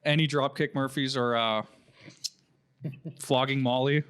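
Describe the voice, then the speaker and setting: A man's voice: mid-range voice, steady tone, unhurried, fairly bright tone, clean tone. A young man co-hosting a gaming podcast, chatting casually and laughing often between jokes. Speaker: podcast co-host.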